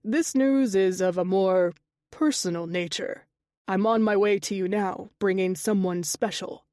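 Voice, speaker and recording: A woman voicing a wry, easygoing male shaman with a gravelly edge, speaking in a teasing, reassuring way in an audiobook. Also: medium pitch, a little slow, darkish tone, no room sound, studio quality, close to an everyday voice. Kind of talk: audiobook character dialogue.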